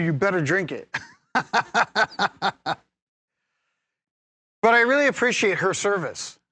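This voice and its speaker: A man preaching a sermon as pastor, lively and humorous, teasing his congregation and laughing often. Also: high voice.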